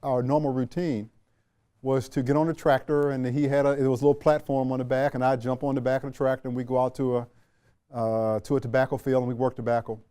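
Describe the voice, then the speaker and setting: A retired general from Washington, D.C. appears as an interview guest, reflecting on his past in a relaxed, mellow way. He speaks unhurriedly at a middling pitch, often using fillers and restarting, and his tone is clear and resonant.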